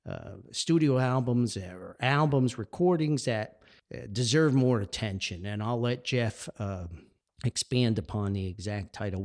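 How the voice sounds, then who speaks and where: A man's voice: medium pitch, vocal fry, a little mellow. A man with a New Jersey accent hosting a solo podcast, talking with enthusiasm and rambling from point to point. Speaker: podcast host.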